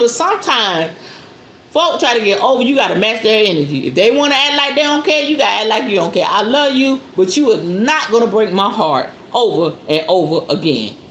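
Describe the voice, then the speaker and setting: A blunt, outspoken woman hosts a casual spiritual talk monologue, and her voice swoops up and down with lively energy. The sound is roomy and echoey, with a faint hiss behind her. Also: on the high side. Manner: blunt, animated, preachy. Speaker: host.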